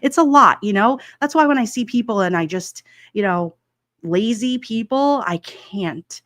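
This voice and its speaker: A woman's voice: on the high side, lively intonation, a little slow, a bit bright, no room sound, clean studio sound. A woman in her forties hosting a casual chat stream, rambling and chatty with plenty of fillers and laughter. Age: 40s. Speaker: livestream host.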